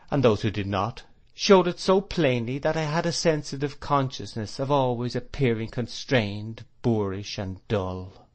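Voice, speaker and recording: An adult man narrating a classic novel as an audiobook, measured and expressive. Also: medium pitch.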